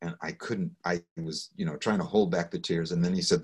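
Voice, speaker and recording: A man's voice: low-pitched, normal speed, husky. A middle-aged man recounting a personal story in an interview, earnest and hesitant, over a video call. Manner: earnest, hesitant, with restarts and soft laughs. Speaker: guest speaker.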